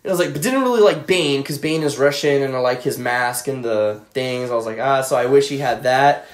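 Young man, casual podcast co-host, relaxed, mid-pitched, echoey room. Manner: relaxed, quick reactions and asides. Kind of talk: casual chat.

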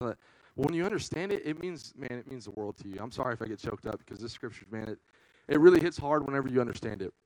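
A man's voice: medium pitch, no echo, low-quality recording. A young man preaching a casual, earnest youth sermon, peppering his talk with "man".

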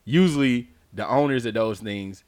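A man on a casual podcast telling a long personal story, swearing freely, laughing through it and acting out his own shouts. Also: medium pitch, moderate pace. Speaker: podcast co-host.

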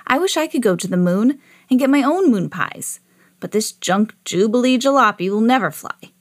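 A woman voicing an eager, hungry young boy adventurer in a storybook, pleading and excited. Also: fairly high pitch, normal speed, no echo, studio quality.

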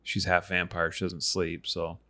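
A man in his thirties casually telling a lively hunting story on a podcast, acting out quotes. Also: sits low, unhurried. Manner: animated storyteller, acts out quotes. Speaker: podcast host and hunter.

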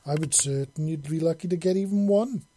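A man voicing a gruff, stern old fisherman in a science-fiction audiobook, boastful and fond of calling people lassie. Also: fairly high pitch, fairly quick, dark tone, pitched above the performer's own voice, close to an everyday voice.

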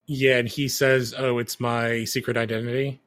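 A man in a relaxed podcast chat, talking through episode plots in long rambling stretches. His voice sits at an ordinary middle pitch. He keeps dropping in filler words and slips into the characters' lines as he goes. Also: normal speed. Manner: rambling recap full of "like" fillers, acting out quotes. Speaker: podcast co-host recapping a TV show. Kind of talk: casual chat.

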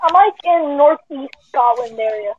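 A young woman on a call, her voice high and hesitant, full of fillers and restarts. The sound is dull and muffled, as if through a poor mic. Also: expressive, moderate pace, a little hiss or hum. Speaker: caller. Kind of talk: casual call-in chat. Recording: muffled low-quality call audio.

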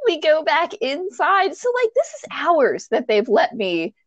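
A woman telling a childhood story in casual chat, animated, acting out the people in it with squeaky high voices and laughing at herself. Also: no echo. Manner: self-mocking, laughs while telling.

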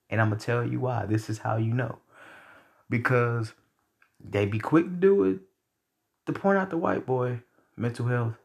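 A man's voice: mid-range voice, creaky, breathy edge. A young man hosting a podcast, ranting bluntly and heatedly with lots of profanity. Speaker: podcast host. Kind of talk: casual rant.

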